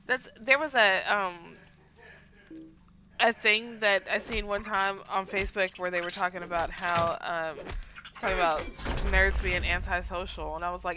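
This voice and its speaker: Chatty Southern woman with a bright voice. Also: medium pitch, normal speed, soft background music. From Southern United States. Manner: chatty, rambling and excitable, with many fillers. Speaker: gaming channel host. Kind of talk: casual chat while playing.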